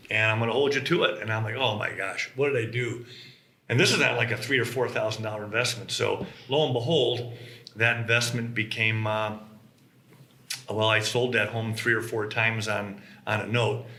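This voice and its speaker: A man, a mobile home business co-founder, telling stories in casual conversation and acting out the quotes. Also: lowish voice. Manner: animated storyteller, acts out quotes. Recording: roomy echo.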